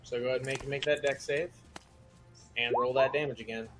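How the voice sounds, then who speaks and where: A man at a middle pitch runs a tabletop game as game master. He narrates in a loose, halting way, full of fillers and restarts. Faint music plays underneath. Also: steady tone.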